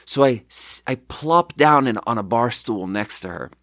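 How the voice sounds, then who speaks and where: A man hosting a podcast, telling rambling, animated anecdotes in casual chat. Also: mid-range voice, moderate pace, no room sound, clean studio sound. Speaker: podcast host.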